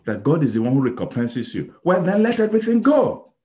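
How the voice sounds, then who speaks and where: A man from Nigeria preaching a sermon, telling a story with sudden loud exclaims and soft pleading passages. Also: fairly high pitch, sing-song, fairly quick.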